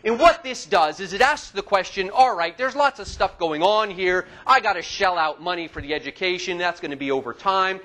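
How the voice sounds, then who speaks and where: A man in his forties giving a classroom lecture in a lecture hall, lively and asking his audience questions. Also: high-pitched, fairly quick, hardly any pauses.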